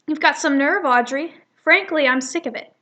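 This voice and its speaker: A woman's voice: high-pitched, normal speed, pushed and bright. A woman voicing a smug, needling young male cat in a comic she reads aloud. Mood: irritated.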